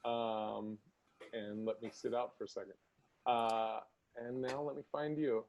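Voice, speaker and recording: A man's voice: mid-range voice, measured pace, highs cut off. A man hosting a podcast, chatting casually and acting out quoted conversations as he tells stories. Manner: animated storytelling, acts out quotes. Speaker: podcast host.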